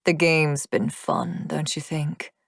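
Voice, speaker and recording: A woman narrator voicing a cold, mocking young male demon warrior in an audiobook, speaking slowly and in a hushed, smirking tone. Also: little pitch movement, creaky, dry recording, clean studio sound, exaggerated voice. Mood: taunting. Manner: slow, smirking, low and hushed. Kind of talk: audiobook character voice.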